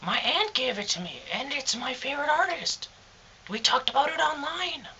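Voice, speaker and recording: A man voicing a high-pitched, naive, rambling man caught in a sting for a comedy sketch. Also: lively intonation, normal speed, bright, forceful tone, lo-fi sound, a little hiss or hum, heavily acted. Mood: chirpy. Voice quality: high-pitched, nasal whine.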